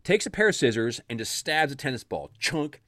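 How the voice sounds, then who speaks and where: A man's voice: mid-range voice, very animated, fairly quick, fairly bright tone, no room sound, studio quality. A man casually telling a childhood story, laughing often and acting out the voices in quotes.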